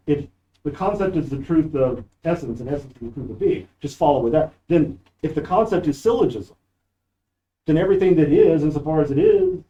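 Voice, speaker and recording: A man whose voice sits on the high side, with a warm tone, gives a university philosophy lecture in class, emphatic and discursive, reading quotes aloud. He was recorded without a microphone and the audio, which has its highs cut off, was cleaned up later.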